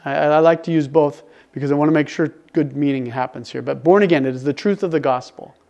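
An older man preaching to his congregation in a conversational, animated way, often restarting his sentences and getting excited. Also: fairly high pitch, fast, vocal fry, lo-fi sound. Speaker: pastor. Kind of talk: conversational sermon.

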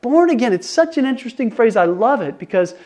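An older man preaching to his congregation in a conversational, animated way, often restarting his sentences and getting excited. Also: very high voice, fast. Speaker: pastor. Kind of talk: conversational sermon.

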